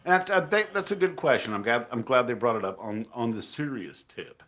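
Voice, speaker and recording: A man hosting a podcast and reading out listener questions, chatting in a lively, jokey way and laughing often. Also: medium pitch, a little fast, slight background noise. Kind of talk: casual podcast chat.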